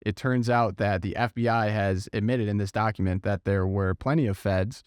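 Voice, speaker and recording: A man's voice: lowish voice, steady tone, moderate pace, smooth, no room sound, clean studio sound. A man hosting a casual podcast, joking with his co-hosts and steering the talk with questions. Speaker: podcast host. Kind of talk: casual political chat.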